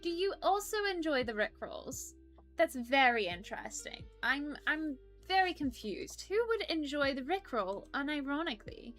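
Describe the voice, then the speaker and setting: A woman's voice: sits high, very animated, normal speed, fairly bright tone, soft background music. A woman voicing a prim, polite persona who reads live-stream chat aloud and apologizes often. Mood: prim chatty. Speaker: stream co-host reading chat.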